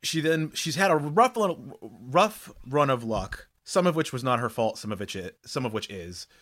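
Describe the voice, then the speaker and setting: A man co-hosting a sports talk show, explaining his views in a measured, conversational way. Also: medium pitch, expressive, a bit bright. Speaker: sports talk radio co-host.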